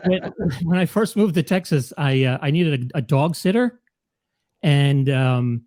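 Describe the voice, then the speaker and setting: A man's voice: fairly high pitch, animated, a little slow, a little mellow, dry recording, studio quality. A man from New York hosting a podcast, telling rambling stories in a casual chat. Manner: easygoing, rambling storyteller. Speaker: podcast host.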